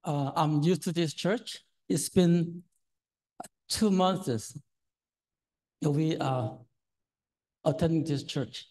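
A man's voice: on the high side, drawn-out words, pauses often, a little mellow, low-quality recording. A man in his sixties preaching a sermon as a lay preacher, nervous and hesitant with many fillers and a trembling voice. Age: 60s.

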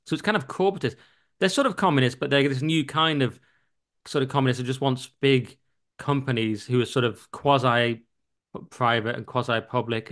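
A man's voice: mid-range voice, fairly bright tone. A man hosting a political podcast, talking bluntly with mocking asides and casual swearing. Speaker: podcast host.

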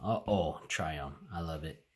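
A man hosting a casual card-opening vlog from home, excitable and chatty, talking straight to his viewers. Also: rumbling low, a little slow, noisy background. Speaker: card-opening channel host. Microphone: home camera setup.

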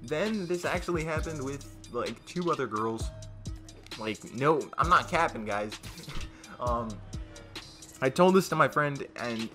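A man's voice: mid-range voice, expressive, unhurried, long pauses. Rambling teen boy vlogger, music behind. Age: teens. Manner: rambling, lots of fillers and restarts, loud when quoting friends. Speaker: YouTuber. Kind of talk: casual storytime vlog.

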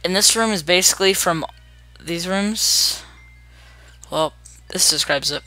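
A young adult gaming host giving chatty, upbeat commentary while playing, narrating each move out loud. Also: medium pitch, a little slow, no room sound. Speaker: gameplay video host. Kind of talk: casual let's-play commentary.

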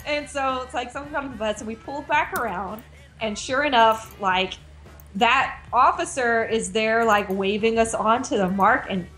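A woman, a game designer guesting on a stream, tells a work anecdote in a chatty, animated way, sprinkling "like" through every line. Her voice sits a little high. Faint music plays quietly underneath. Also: moderate pace. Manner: animated, heavy use of "like" fillers. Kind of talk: casual anecdote storytelling.

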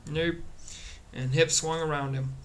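A man narrating a storybook chapter in a steady, plain reading voice. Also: fairly high pitch, moderate pace, a little hiss or hum. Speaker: audiobook reader.

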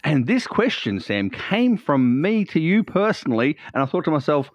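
Chatty, animated male podcast host. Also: on the high side, normal speed, few pauses, dry recording. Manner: chatty, animated, playful teasing. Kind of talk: casual podcast chat. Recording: dull, dry lo-fi sound.

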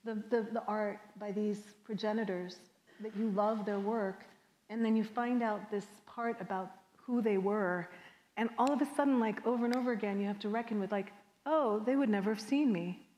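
A middle-aged woman from Jamaica answering an audience question as a guest poet, candid and animated, laughing often. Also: mid-range voice, normal speed, highs cut off. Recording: long reverb of a lecture hall.

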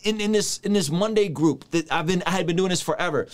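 A man's voice: high-pitched, quick pace. A young man giving casual reaction commentary, joking and tossing asides to a friend in the room. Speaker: YouTube commentator.

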